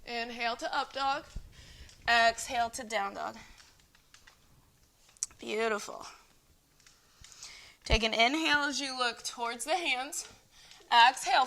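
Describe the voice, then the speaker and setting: A woman yoga instructor calmly cueing breaths and poses in a guided flow at home. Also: high voice, a little hiss or hum. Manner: calm, encouraging breath cueing. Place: home, dogs nearby.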